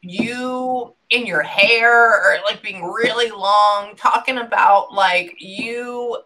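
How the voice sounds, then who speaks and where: A woman's voice: medium pitch, slow, bright, forceful tone. A woman working as a psychic medium in a reading session, often stopping to listen and then passing on what she hears. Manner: breaks off often to listen, then relays quotes. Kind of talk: reading session, relaying messages.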